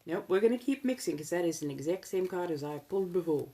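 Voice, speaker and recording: A woman with a notably low voice, speaking in a put-on 1700s colonial American accent. She hosts an ASMR livestream in a soft-spoken, chatty way. Her delivery is teasing and playful, with frequent laughs. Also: expressive, fast, heavy background noise.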